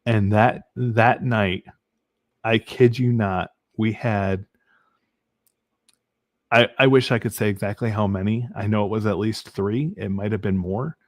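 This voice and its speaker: A man's voice: lowish voice, measured pace, no echo, studio quality. A man from Michigan, a podcast guest, giving an earnest personal faith testimony with many ums and restarts.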